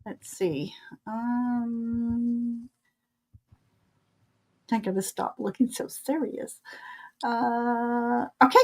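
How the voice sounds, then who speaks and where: Older woman, stream host, fairly high voice, unhurried, chatty, laughs often. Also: steady tone. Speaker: tarot reader hosting a live stream. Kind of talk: casual live-stream chat.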